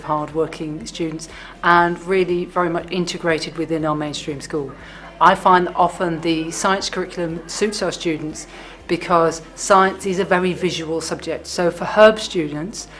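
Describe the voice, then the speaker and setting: A female science teacher explaining her teaching fluently and clearly. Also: low voice, fairly bright tone. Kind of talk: interview about teaching.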